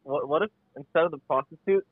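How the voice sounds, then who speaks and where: A man guesting on a comedy podcast with a fairly high voice. He tosses out quick, offhand ideas. The sound is dry and close. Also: dry recording, phone-quality sound. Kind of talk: casual comedic chat.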